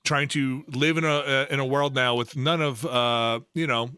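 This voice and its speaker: A man's voice: mid-range voice, steady tone, normal speed, sharp tone, clear, resonant tone. A man co-hosting a casual podcast chat, riffing animatedly and laughing often. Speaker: podcast co-host.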